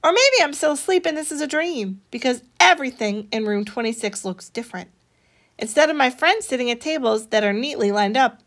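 Lively woman reading a storybook aloud. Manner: expressive, voices the children's dialogue higher. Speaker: narrator reading a children's book aloud.

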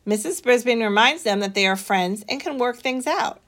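Woman, storybook reader, expressive, fairly high voice, animated pitch. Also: normal speed. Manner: expressive, voices the children's dialogue higher. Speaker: narrator reading a children's book aloud. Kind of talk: storybook reading.

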